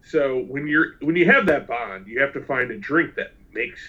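A man co-hosting a casual podcast, talking in a playful, boastful way. His voice is bright and forward. The recording sounds a little dull and lo-fi. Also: medium pitch, lively intonation, normal speed. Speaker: podcast co-host.

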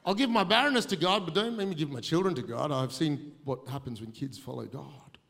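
A man with an Australian accent preaching a sermon, telling stories with lively, self-mocking humor. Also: on the high side, brisk, vocal fry, big-room sound.

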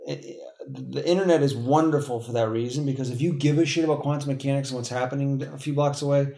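A man talks casually on a podcast, in a voice of ordinary middle pitch. He rambles, restarts his sentences and leans hard on "like" and "literally". Now and then he swears. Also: fairly even intonation, quick pace, warm tone. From Boston area.

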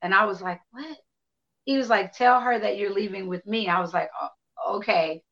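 A woman guest casually telling an animated, profane anecdote, acting out the dialogue as she goes. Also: medium pitch, normal speed, dull audio. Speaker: interview guest. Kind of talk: casual storytelling.

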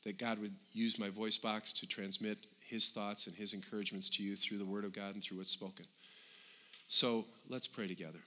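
An older man preaching a sermon as pastor, animated and swinging between loud and quiet. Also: on the low side, moderate pace.

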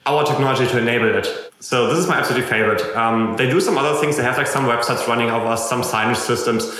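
German-accented man, bright, echoey room. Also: medium pitch. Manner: enthusiastic, talkative, self-deprecating. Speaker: guest, software company representative. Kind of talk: casual podcast chat.

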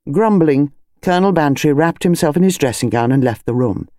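Woman reading an audiobook, lively and mellow. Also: low voice, fairly quick, no room sound, clean studio sound. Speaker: audiobook reader. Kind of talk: scripted narration.

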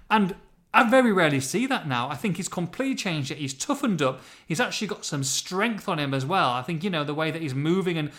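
A man hosts a football podcast, his voice sitting a little high for a man. He talks in a chatty, teasing way, ribbing his co-host and hyping things up. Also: fairly bright tone. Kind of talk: casual football podcast chat.

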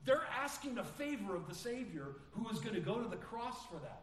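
A male pastor preaching a sermon earnestly, acting out quoted voices with sudden rises in pitch. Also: sing-song, brisk, hardly any pauses, roomy sound, distant mic.

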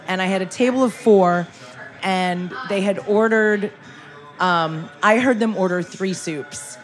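A young woman hosting a casual chat, telling a story with lively energy and acting out the people in it. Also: mid-range voice. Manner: animated storyteller, acts out customers' lines. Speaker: podcast host, former waitress.

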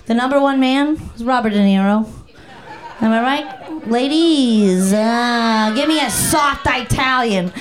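A woman's voice: fairly high pitch, takes it slowly. A woman doing profane, playful crowd-work stand-up on a comedy club stage with a handheld mic. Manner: brash, profane, playful, bursts into song.

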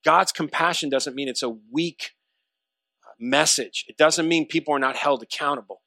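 A man preaching a sermon with rising, emphatic intensity. His voice sits high and sounds bright and forceful. The sound is dry and close, with no room around it. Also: no echo. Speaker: pastor.

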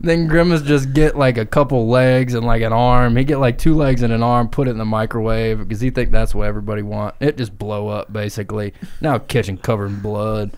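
A man's voice: mid-range voice, steady tone, fairly quick, few pauses, darkish tone, clean tone. Crude rambling comedy podcaster, man. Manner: rambling, crude, giggling asides. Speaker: podcast co-host. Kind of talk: improvised comedy storytelling.

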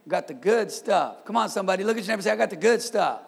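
A man, a pastor, preaching a sermon with energetic call-and-response and street slang. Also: high-pitched, fast, creaky, hardly any pauses, breathy edge, long reverb tail.

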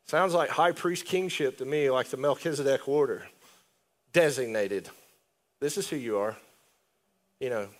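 A man preaching a sermon in a conversational, animated way, with asides to the congregation. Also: mid-range voice, unhurried, long pauses.

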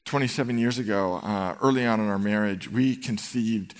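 A man's voice: lowish voice, normal speed. A man in his fifties preaching a sermon to a congregation, telling stories and acting out the scenes in them. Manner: animated storytelling, acts out scenes. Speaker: pastor. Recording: long hall reverb.

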